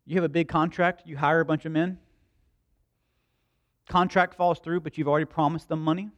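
A man preaching a sermon, telling stories in an animated, conversational and humorous way. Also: on the high side, fairly quick, no room sound, dull audio. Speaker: pastor. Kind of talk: storytelling sermon.

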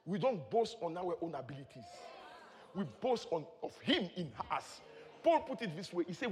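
A man preaching a sermon, moving between quiet teaching and shouted praise, often chuckling as he speaks. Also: high-pitched, sing-song, normal speed. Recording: long hall reverb.

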